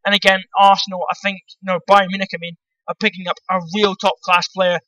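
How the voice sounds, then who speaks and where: Bright-voiced opinionated football vlogger man. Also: high-pitched, level tone, a little fast, no echo, dull audio. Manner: rambling, talks straight to viewers as "guys". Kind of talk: casual football commentary.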